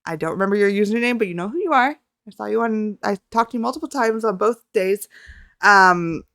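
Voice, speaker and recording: A young woman from Canada, telling a rambling, excitable story about meeting a group in a casual vlog, talking close to the mic. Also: mid-range voice, a little fast, no room sound. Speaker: YouTuber.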